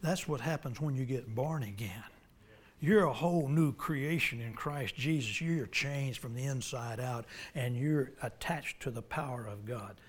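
A middle-aged man preaching a sermon as pastor, pleading loudly at times and dropping to a near whisper in prayer. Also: mid-range voice, slightly rough. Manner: impassioned preaching, swings from loud pleas to whispered prayer.

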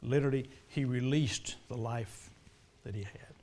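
A man preaching a sermon and leading a prayer, swinging from loud urgent preaching to hushed pleading. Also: medium pitch, normal speed, slight background noise.

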